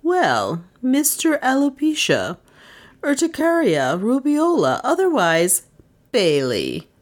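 Woman narrator doing a shrewd old aunt of sixty, dry and chiding, voice pitched up high. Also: wildly swooping pitch, unhurried, a little mellow, heavily acted. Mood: wry, chiding. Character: sharp-witted indomitable old aunt, sixty.

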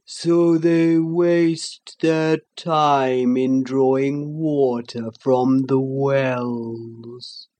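A woman's voice: extremely low pitch, steady tone, dark tone, pitched below the performer's own voice, heavily acted. A woman voicing a huge, lazy, sleepy male sloth creature in a storybook reading, drawling and slobbery. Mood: drowsy. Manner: very slow, drowsy, demanding.

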